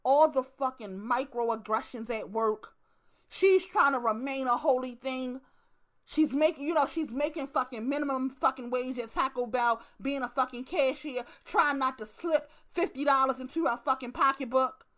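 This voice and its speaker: Young woman host, high bright voice, profane and lively storytelling monologue. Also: normal speed. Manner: profane, animated storytelling with acted asides. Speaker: channel host. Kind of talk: casual monologue to camera.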